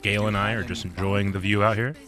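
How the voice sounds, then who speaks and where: A man's voice: fairly low pitch, steady tone, quick pace, music in the background. A man co-hosting a live game stream, teasing his friends and laughing often in casual chat. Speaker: streamer co-host.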